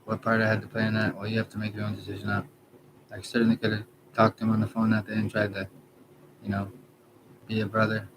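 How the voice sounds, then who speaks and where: Man, 30s, deep and monotone, halting rambling monologue, noisy background. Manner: halting, trails off, many restarts and self-corrections. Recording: background noise.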